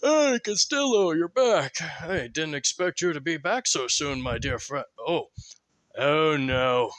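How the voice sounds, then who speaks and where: A man's voice: fairly high pitch, lively intonation, takes it slowly, fairly bright tone, no echo. A man voicing a cheerful, chatty male adventurer greeting a friend. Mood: friendly.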